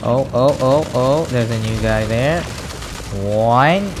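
A man giving excitable commentary over his own gameplay, cheering at kills and muttering asides between rounds. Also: mid-range voice, slow, noisy background. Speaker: gaming YouTuber. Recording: game music behind voice.

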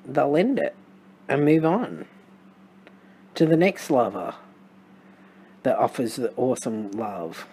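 A mid-range, slightly mellow voice comes through with slight background noise. The speaker, a tarot reader with an Australian accent, muses casually through a reading, adding wry, sarcastic asides and thinking aloud with frequent restarts and fillers.

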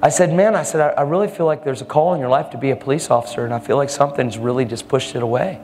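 A man preaching a storytelling sermon, animated, acting out the people in his stories with sudden jumps in pitch. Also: rapid-fire. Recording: long hall reverb, faint music.

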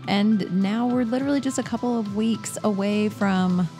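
Brief: warm-toned praise, woman host, mid pitch, faint music bed. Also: moderate pace, vocal fry. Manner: effusive, affirming, laughs readily. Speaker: podcast host. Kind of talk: podcast interview.

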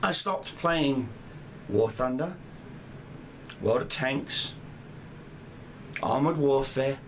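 A man's voice: medium pitch, fairly bright tone, slight background noise. A man in a furious, profane rant as a gamer, heated and swearing throughout. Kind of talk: angry rant vlog.

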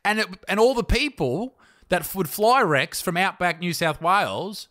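A man's voice: high voice, expressive, normal speed, bright, forceful tone, no echo, studio quality. Brief: young Australian man, podcast host, crude storyteller, slightly raised voice. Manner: crude, joking, laughs mid-story. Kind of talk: casual comedic chat.

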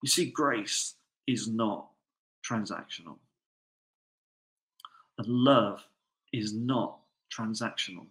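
A man's voice: lowish voice, slow pace, long pauses, a bit bright. A man preaching a sermon, telling a story with rhetorical questions. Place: church. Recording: echoey church hall.

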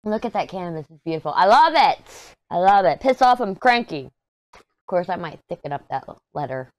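A woman chatting casually and excitedly through a diamond painting unboxing. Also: lowish voice, brisk, dry recording. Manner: chatty, excited, hums while working. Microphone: desk mic.

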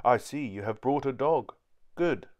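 Busy woman cook played by a man, high and loud, hurrying, storybook read-aloud. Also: animated, close to an everyday voice. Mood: bustling. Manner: brisk, hurrying. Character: bustling woman cook in a big kitchen.

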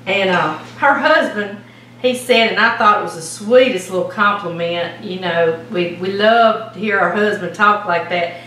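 A woman's voice: medium pitch, normal speed, a bit bright. Folksy Louisiana-accented woman, cooking show host, in an echoey home kitchen with some faint noise behind her. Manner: folksy, storytelling while icing a cake. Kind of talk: casual chatty cooking demo. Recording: echoey kitchen, mic at a distance.

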